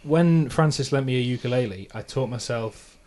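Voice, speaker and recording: At normal speed and medium pitch, this English podcaster in his thirties sounds a little mellow. A musician, he talks casually about his songs, laughing frequently and making fun of himself.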